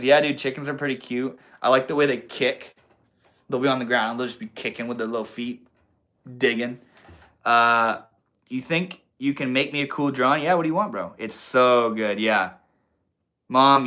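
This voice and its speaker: A young man chats with his live stream audience in a loose, laid-back way, full of slang. His voice is bright and forward, and it sits at an ordinary middle pitch. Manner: laid-back, slangy, reads chat aloud. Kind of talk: casual live stream chat. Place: indoors at a computer.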